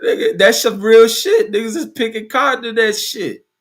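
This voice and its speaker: A man's voice: very high-pitched, big pitch swings, moderate pace. A man from Los Angeles hosting a podcast in casual chat, swearing and loose in his talk. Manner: profane, loose and laughing. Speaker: podcast host.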